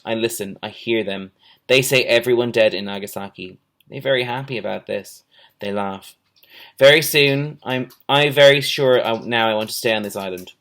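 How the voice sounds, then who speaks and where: A man's voice: medium pitch, a bit bright, lightly acted. A man reading a storybook aloud, voicing an old, wary male island hermit who speaks in clipped, broken English. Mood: solemn. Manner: clipped broken English, plain short phrases.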